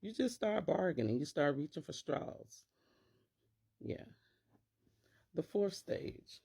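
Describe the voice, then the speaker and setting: A woman's voice: fairly low pitch, animated, slow, gravelly, warm tone, husky. A middle-aged woman, a teacher and parent, talking casually to camera and acting out worried inner voices in quotes.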